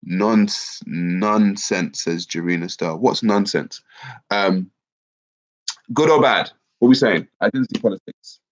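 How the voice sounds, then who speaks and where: Speaking slowly in a fairly low voice, a bunged-up livestream host works through viewer comments aloud. He stays lively and conversational despite the cold, and the recording has a dull, lo-fi quality.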